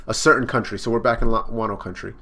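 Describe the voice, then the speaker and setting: A man reacting live to a comic chapter, excited and swearing freely as he thinks out loud. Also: fairly low pitch, quick pace. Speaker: manga reaction streamer.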